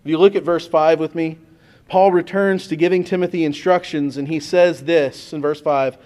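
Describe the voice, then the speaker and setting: A man's voice: on the high side, steady tone, moderate pace, a little mellow. A pastor preaching a sermon to his congregation in a conversational way, speaking straight to the church.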